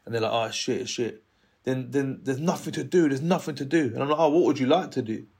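A man's voice: mid-range voice, fast talker, a little mellow, slightly rough. A man in his thirties telling a story in casual conversation, acting out other people's voices and laughing often.

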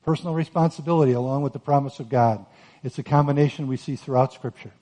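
A man preaching a sermon on Scripture, earnest and emphatic, rising to forceful peaks. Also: medium pitch, quick pace. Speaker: pastor.

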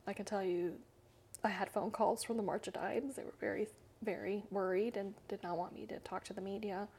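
A woman's voice: mid-range voice, steady tone, fairly quick, a little mellow, slight background noise. A woman in her fifties from Central America, a guest telling her story in a casual, chatty way, full of fillers and light laughs. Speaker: interview guest.

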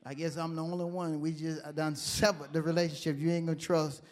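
A male pastor preaching a sermon, moving from quiet, conversational asides to loud, emphatic call-and-response lines. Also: fairly high pitch, level tone, a little fast.

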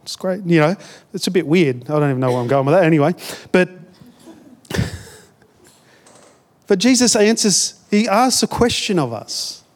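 A man's voice: on the high side, lively intonation, normal speed, pauses often. A man with an Australian accent, a pastor giving a conversational sermon, often repeating words as he builds a point.

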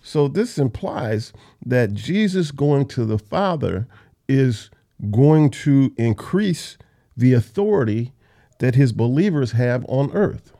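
A man's voice: mid-range voice, animated, slow pace, warm tone. A man hosting a Bible study podcast, teaching in a casual, conversational way on a close mic. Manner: conversational, with fillers and restarts.

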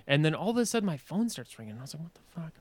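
A man guesting on a podcast, telling a story in a casual, animated way, swearing freely and laughing as he goes. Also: on the high side, very fast, slightly rough, dry recording. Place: podcast studio.

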